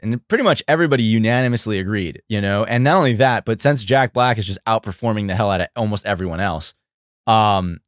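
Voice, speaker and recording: A young man hosting a casual livestream, chatty and animated, talking to his viewers. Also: fairly low pitch, dry recording, clean studio sound. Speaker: livestream host.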